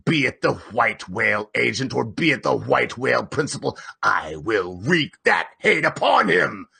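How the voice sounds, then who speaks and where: A man voicing a fierce, obsessed old whaling captain who rants in booming, half-sobbing shouts. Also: sing-song, a little slow, gravelly, breathy edge, exaggerated voice. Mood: brooding.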